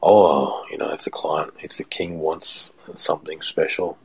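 Aussie chef guy yarning on a podcast, deep husky voice, keeps restarting his sentences. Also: steady tone, a little slow, rough recording. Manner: rambling, repeats and restarts phrases. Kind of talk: casual storytelling chat.

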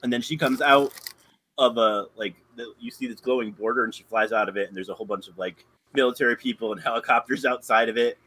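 A man's voice: medium pitch, fairly even intonation, fast, sharp tone, rough recording. A man in casual chat, rambling through a recap with plenty of fillers and self-corrections. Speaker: podcast co-host.

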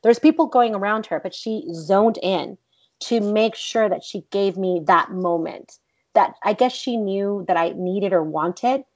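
A woman's voice: medium pitch, measured pace, darkish tone. A woman guest in a casual interview, talking candidly, swearing freely and laughing often. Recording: dull lo-fi sound.

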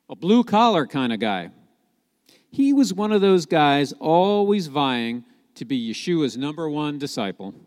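A man giving a sermon as a Messianic preacher, telling the story in a lively way and asking rhetorical questions. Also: fairly high pitch, long reverb tail.

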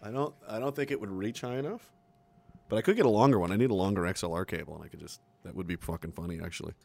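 A man's voice: low voice, rapid-fire, vocal fry, darkish tone. A man live streaming who chats casually into a close mic on an arm, rambling, swearing and mocking himself. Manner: rambling, profane, self-mocking. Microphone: close studio mic on an arm.

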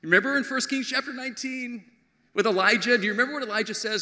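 A middle-aged man preaching a sermon as pastor, with animated storytelling that swings from loud to hushed. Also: extremely high pitch, racing. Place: large church sanctuary. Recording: long hall reverb.

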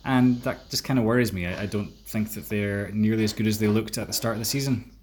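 A man co-hosting a casual sports podcast, talking through games in a measured, opinionated analysis manner, recorded on a phone. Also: on the low side, darkish tone, slight background noise. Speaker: podcast co-host.

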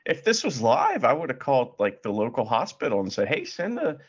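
Husky-voiced man joking through a podcast. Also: medium pitch, big pitch swings, brisk, highs cut off. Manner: joking, profane, reads facts aloud with asides. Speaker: podcast co-host. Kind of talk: casual chat.

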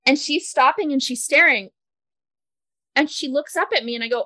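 A woman co-hosting a casual chat, retelling a story in a chatty way with laughter and halting restarts. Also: high-pitched, bright, forceful tone, dry recording. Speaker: podcast co-host.

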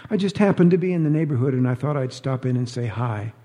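A man's voice: medium pitch, expressive, quick pace, mellow, long reverb tail, natural voice. A man reading an audiobook, voicing a sly divorced woman who talks in a sugary, teasing, falsely innocent way.

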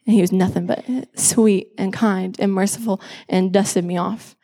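A woman's voice: medium pitch, steady tone, normal speed, dark tone. A woman in her twenties, a pastor giving a personal testimony sermon on a church stage, speaking emphatically and repeating phrases for effect. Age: 20s. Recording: echoey hall with long reverb.

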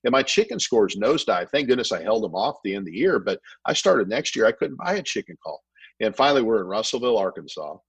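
Fast-talking husky guest pitmaster. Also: male voice, fairly low pitch, big pitch swings, no room sound, low-quality recording. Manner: rambling, repeats words, quick restarts. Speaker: podcast guest, barbecue pitmaster. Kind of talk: casual storytelling chat.

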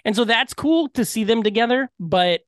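A man's voice: very high-pitched, animated, normal speed. A man co-hosting a podcast, telling rambling, profane comic stories in casual chat. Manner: rambling, profane, jokey storyteller. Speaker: podcast co-host.

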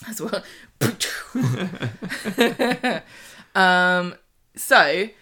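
Animated woman recapping a soap. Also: fairly low pitch, drawn-out words, background noise. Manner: animated, acts out characters' lines. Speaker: podcast co-host. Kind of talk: casual chat recapping a soap.

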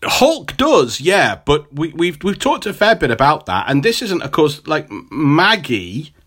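A man co-hosting a podcast in casual, wry conversation, often trailing off lower at sentence ends. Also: wildly swooping pitch, unhurried, a bit bright. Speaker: podcast co-host. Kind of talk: casual chat.

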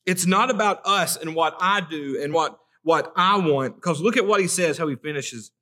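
A man's voice: fairly high pitch, moderate pace, pushed and bright. A man preaching a conversational sermon in a church, reading scripture and talking earnestly, often stumbling over and repeating his first words. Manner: earnest, repeats words when starting sentences. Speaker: pastor.

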